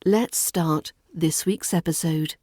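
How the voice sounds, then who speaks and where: Slow, deliberate British woman teaching. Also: lowish voice, noisy background. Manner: clear, deliberate teaching delivery. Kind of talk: podcast lesson.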